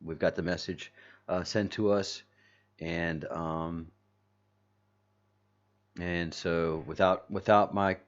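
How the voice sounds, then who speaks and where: Low-voiced rambling male stream host. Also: a little mellow, muffled recording. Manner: rambling, repeats and restarts, reads chat aloud. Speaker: channel host. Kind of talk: casual livestream chat with viewers.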